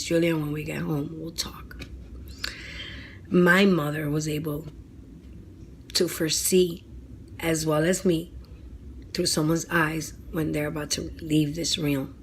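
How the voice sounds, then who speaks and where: A woman with a slightly low voice recounts a personal experience to her viewers in a chatty, earnest way. She leans on "you know" and "right?", and she goes quiet and hushed at the grim parts. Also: slight background noise. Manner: earnest, dramatic, drops to a hushed near-whisper at grim moments. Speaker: vlogger telling personal stories. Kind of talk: casual storytime monologue.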